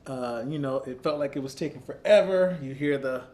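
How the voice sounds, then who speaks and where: A man in his thirties, founder of an arts center, telling a personal story in an earnest, reflective, measured way. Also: mid-range voice, darkish tone.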